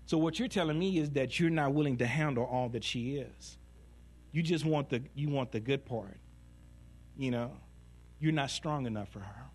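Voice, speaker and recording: A man voicing God as a calm, patient, plainspoken father figure who gently teases and corrects. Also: mid-range voice, moderate pace, breathy edge, lightly acted. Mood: firm.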